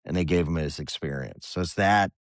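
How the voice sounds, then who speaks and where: A former soldier in middle age, speaking in a very deep, low register. He talks in a loose, rambling way, acting out the voices he heard. The sound is dry and close, with no room behind him. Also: a little fast, no echo. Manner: relaxed, rambling, drops into quoted inner voices. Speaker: guest, former Army Ranger. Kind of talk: candid conversational storytelling.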